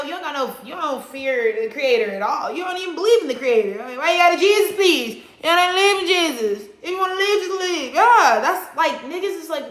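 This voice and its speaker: Higher-pitched woman ranting bluntly in an echoey room. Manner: blunt, profane and animated, with frequent loud emphasis. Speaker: astrology vlogger. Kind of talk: casual ranting monologue.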